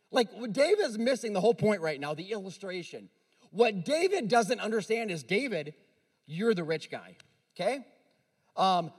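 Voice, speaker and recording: A man preaching a sermon as a pastor. He retells a story conversationally, with direct asides to the audience, and swings between hushed and loud emphatic delivery. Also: sits high, husky, big-room sound.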